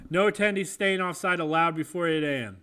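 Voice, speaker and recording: A man from the American Midwest co-hosts a comedic podcast, riffing with profane, playful energy. His voice sits high and comes across very bright and sharp. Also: a little fast, clean tone. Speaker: podcast co-host. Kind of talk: comedic casual chat.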